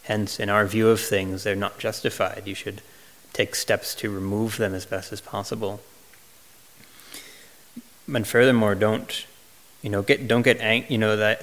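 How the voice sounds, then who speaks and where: A man who is a Buddhist monk, answering retreat questions in a gentle, reflective way, with frequent pauses and restarts. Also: lowish voice, steady tone. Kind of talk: retreat Q&A talk.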